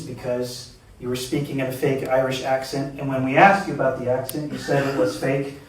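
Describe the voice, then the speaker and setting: A man telling a comic story at a live reading, ranting in exasperation at an absent person and laughing mid-sentence. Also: on the high side. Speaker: open-mic storyteller. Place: live reading event, roomy venue. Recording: very echoey room, voice from far off.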